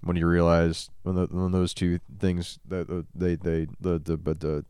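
Male podcast co-host, very deep, resonant voice, wry and quick to laugh. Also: monotone, a little mellow, clean tone, no room sound, clean studio sound. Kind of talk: casual chat.

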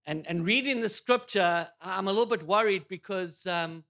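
High, bright-voiced joking preacher. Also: male voice, moderate pace. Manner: joking, animated preaching with rhetorical questions. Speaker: pastor. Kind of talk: sermon. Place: church.

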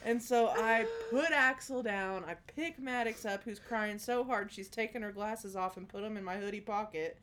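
A woman co-host tells a family story in a casual, animated way. She acts out every line of dialogue as she goes. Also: medium pitch, normal speed, hardly any pauses. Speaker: podcast co-host.

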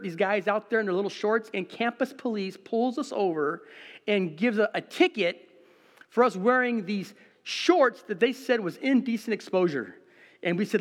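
A middle-aged pastor delivering a sermon in a lively, conversational way, joking at his own expense between points. His voice sits high for a man, and a long reverb trails behind his words. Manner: animated, conversational, self-deprecating. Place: empty room, preaching to cameras.

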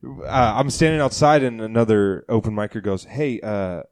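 A man's voice: lowish voice, a little fast. A man hosting a casual comedy podcast, a joking and riffing storyteller. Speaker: podcast host and stand-up comedian.

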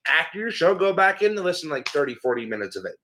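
Higher-voiced guy co-hosting, cusses every other word, really emphatic. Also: very animated, quick pace, bright, forceful tone, a little hiss or hum. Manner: emphatic, swears in nearly every sentence. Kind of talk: profane casual chat.

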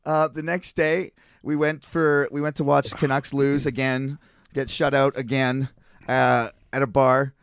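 A man's voice: a little slow, clear, resonant tone. A man casually telling stories on a podcast, acting out the people in them with a raised voice. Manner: animated storyteller, acts out others in a higher voice. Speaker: podcast co-host. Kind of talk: casual chat, storytelling.

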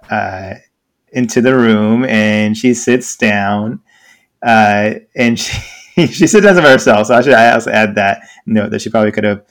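A man telling an embarrassing story in casual podcast chat, animated and laughing often, with frequent restarts. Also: lowish voice. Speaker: podcast co-host.

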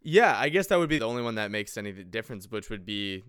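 Lively, laughing man in a casual chat. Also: lowish voice, fast talker, smooth. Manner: animated, laughs often. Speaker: guest player making a character.

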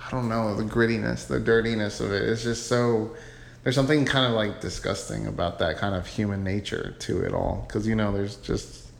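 A man co-hosting a casual movie podcast, giving relaxed, thoughtful opinions. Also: lowish voice, moderate pace, creaky, a little hiss or hum. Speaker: podcast co-host. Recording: echoey room.

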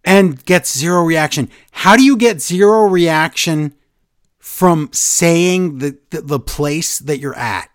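Co-hosting a casual podcast, a man recaps wrestling and animatedly acts out quotes in different voices. His voice is fairly high and slow, recorded in clean studio quality with no room sound.

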